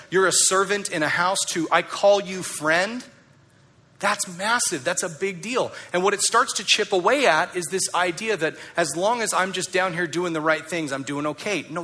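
A male pastor preaching a sermon, emphatic and conversational, asking the congregation rhetorical questions and dropping soft on key lines. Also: sits high, slightly rough.

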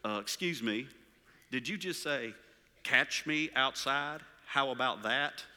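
A man's voice: medium pitch, lively intonation, a little slow, pushed and bright, pitched below the performer's own voice. A guy doing a blunt southern tv doctor talking down to people, echoey hall. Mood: incredulous. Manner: condescending, blunt. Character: blunt male talk-show doctor with southern drawl.

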